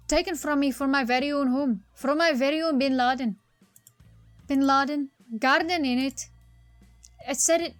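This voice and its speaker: A woman's voice: high voice, dry recording, close to an everyday voice. A woman doing a weepy Cockney constable. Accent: Cockney, put on. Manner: weepy, melodramatic, rhyming slang. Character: bumbling male Cockney police constable.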